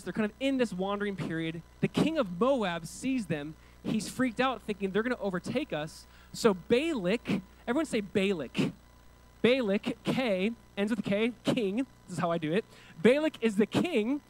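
A male pastor delivers a sermon at a quick clip, his voice sitting high for a man. He tells the scripture story with animated energy, acting out the characters and asking the congregation to repeat key words. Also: poor audio. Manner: emphatic preaching with call-and-response.

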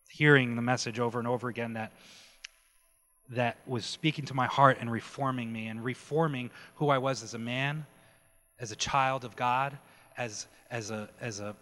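A man preaching his personal testimony, telling the story with animated energy and acting out quoted dialogue. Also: mid-range voice. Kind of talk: testimony sermon. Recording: long hall reverb.

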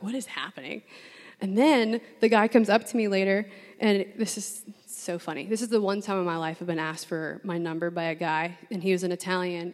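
A young woman from New Orleans telling a personal story to a room full of women, chatty and animated, laughing often and saying 'like' a lot. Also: on the low side. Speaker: speaker addressing a women's gathering. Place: large room with an audience. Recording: long hall reverb.

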